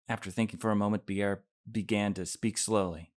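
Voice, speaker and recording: Man, lowish voice, plain storybook narration of a visual novel. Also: fairly even intonation, brisk, faint music behind. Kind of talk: reading a visual novel aloud.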